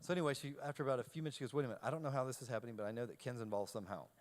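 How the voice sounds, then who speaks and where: A keynote speaker with an ordinary mid-range voice tells a live audience a funny story about himself, acting out both sides of each exchange. He's animated and self-deprecating, poking fun at his own nerves. He talks very fast, and there's a little hiss or hum in the audio.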